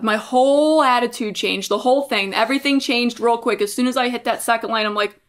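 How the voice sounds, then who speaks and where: A young woman with a high, bright-sitting voice tells a story on a casual podcast. She is animated, acting out each exchange and jumping her pitch way up for quoted lines. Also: fast talker, few pauses. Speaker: podcast co-host.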